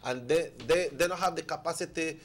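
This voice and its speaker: A man's voice: fairly high pitch, a little fast, a little hiss or hum. A man hosting a live morning show, talking casually and reading out viewer texts. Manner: conversational, reads out viewer texts.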